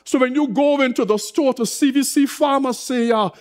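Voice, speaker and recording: A man preaching a sermon as pastor, slow and impassioned with dramatic pauses. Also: very high voice, a little mellow.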